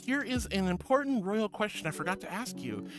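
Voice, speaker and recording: A woman's voice: medium pitch, lively intonation, fairly quick. A woman streaming and reading her chat aloud, bubbly and sweet, calling viewers sweetie. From Florida. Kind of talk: casual chat. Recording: music playing behind.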